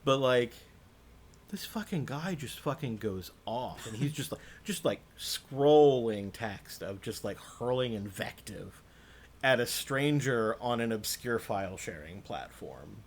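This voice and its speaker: Male podcast co-host, middle pitch, casual, profane storyteller. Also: measured pace. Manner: animated storytelling, profane, mimics others. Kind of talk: casual chat.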